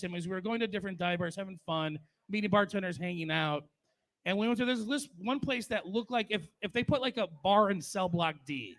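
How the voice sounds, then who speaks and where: High-voiced comedian in his forties. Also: fairly bright tone. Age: 40s. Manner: crude, profane, conversational. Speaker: stand-up comedian. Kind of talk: stand-up storytelling at a memorial.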